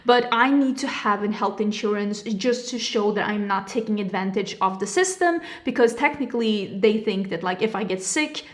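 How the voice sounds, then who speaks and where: A woman's voice: mid-range voice, moderate pace, hardly any pauses. A young woman from Sweden, a native Swedish speaker, chatting in a casual vlog and telling a story with sarcastic asides and mimicked dialogue, recorded indoors at home. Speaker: vlogger. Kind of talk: casual get-ready-with-me chat.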